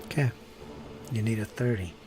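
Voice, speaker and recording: A man narrating and running a tabletop game as game master, calm and matter-of-fact. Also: lowish voice, normal speed, a crowd in the background.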